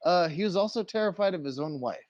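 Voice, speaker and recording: A man's voice: high voice, expressive, a little mellow, dry recording, muffled recording. A man narrating a tabletop game as game master, telling the scene in a crude, joking way. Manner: crude, laughing, drawn-out storytelling.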